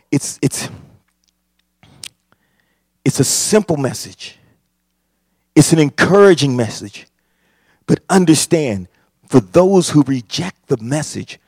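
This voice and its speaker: A man preaching a sermon, impassioned and building to shouts. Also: fairly high pitch, dry recording, clean studio sound. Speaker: pastor.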